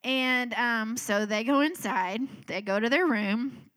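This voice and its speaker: A middle-aged woman tells a story from the pulpit, animated and acting out the people in it. Her voice is bright and a little high. The sound is close and dry. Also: a little slow, clean tone, no room sound. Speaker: speaker at a church talk. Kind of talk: storytelling sermon.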